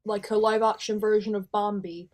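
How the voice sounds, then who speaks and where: A woman on a casual online hangout, jumping in with quick, apologetic asides. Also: medium pitch, little pitch movement, darkish tone. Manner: apologetic, chirpy interjections. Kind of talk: casual chat.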